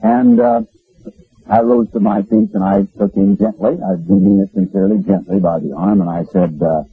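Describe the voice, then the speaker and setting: A man preaching a radio sermon in an animated, folksy and emphatic way, with a gravelly voice. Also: lowish voice, moderate pace, dry recording. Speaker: radio Bible broadcaster. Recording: lo-fi radio broadcast.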